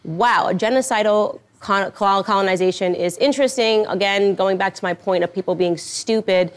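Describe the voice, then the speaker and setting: A woman's voice: mid-range voice, normal speed. A woman commentator in a played talk-show clip, reading tweets in a mocking, performative way.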